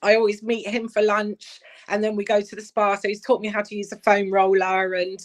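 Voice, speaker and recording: A woman's voice: medium pitch, completely flat delivery, brisk. A woman in her fifties, a guest in a casual interview, talking chattily with lots of "like" and "literally". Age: 50s. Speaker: guest, club player care head.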